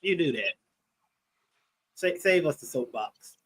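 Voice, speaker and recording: A man's voice: a little high, animated, slow pace, a bit bright, slightly rough. A man co-hosting a casual chat show, teasing and cutting in to push back. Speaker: co-host.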